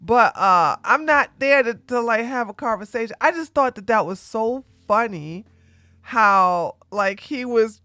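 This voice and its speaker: Animated woman telling a story, dry sound. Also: fairly high pitch, unhurried, dry recording. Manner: animated, laughs often, addresses the audience as ladies. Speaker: commentary channel host. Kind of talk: casual storytelling monologue.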